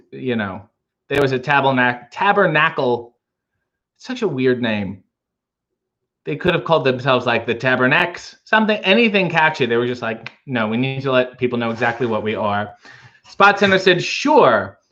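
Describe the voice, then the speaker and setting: A man hosting a casual livestream, reading viewer comments aloud and answering with wry, deadpan, rambling jokes. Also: mid-range voice, normal speed. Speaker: livestream host reading chat. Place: home, making coffee. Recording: lo-fi muffled stream audio.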